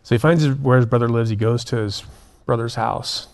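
A man, a prison minister and guest, telling a story in an earnest, animated way and acting out the dialogue. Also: medium pitch, a little fast. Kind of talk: conversational storytelling.

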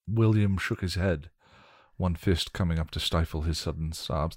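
Male story reader, deep voice, measured delivery, dry recording. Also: steady tone, a little mellow, no room sound. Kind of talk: reading a story aloud.

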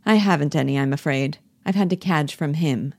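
A woman's voice: low voice, moderate pace, a little mellow, no room sound, studio quality. A woman reading the part of a bitter, jealous young wife who pleads with her lover and mocks her husband. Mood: sarcastic. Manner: reproachful, cutting, pleading. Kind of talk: play reading.

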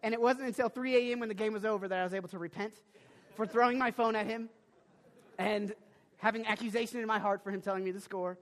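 A young male preacher with a high voice, telling a story from the pulpit. He is animated, stumbles over restarts and breaks into sudden loud bursts. His voice rings with the long echo of a big hall. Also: quick pace. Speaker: pastor. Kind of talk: sermon with personal storytelling. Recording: long reverb of a large hall.

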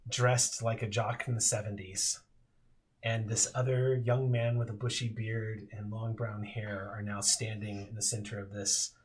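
Man, game master, slow unhurried narration, descriptive with pauses. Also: fairly low pitch. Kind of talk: narrating a tabletop role-playing game.

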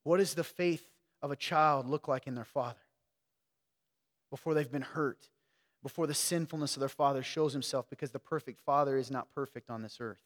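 A man preaching a sermon in a church, talking conversationally and swinging between quiet asides and loud emphatic stretches. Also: medium pitch, normal speed, long reverb tail. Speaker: pastor. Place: church sanctuary.

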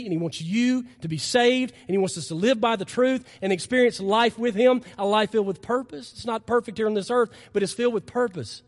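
A man's voice: high voice, big-room sound. A man preaching a sermon as pastor, earnest and emphatic, his voice rising in impassioned stretches, recorded in a church sanctuary.

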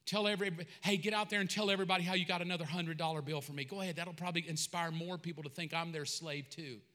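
A sulky, sarcastic Jesus, put on by a preacher, mutters his complaints in a mocking way. The voice sits lower and softer than the preacher's own. Long reverb from a big hall trails behind each phrase. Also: fairly even intonation, fast talker. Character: Jesus as a grumbling, sarcastic servant.

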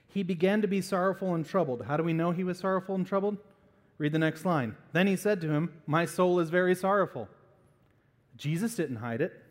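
A man preaching a sermon as pastor, animated and acting out little voices to make a point. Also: high voice, long reverb tail.

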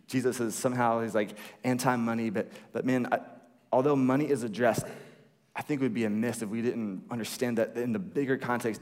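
A young man preaching a sermon in a laid-back, chatty way, with many restarts and asides, often checking in with "right?". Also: lowish voice. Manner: relaxed, chatty, repeats words and restarts, asks "right?". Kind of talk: casual conversational sermon. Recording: long reverb of a hall.

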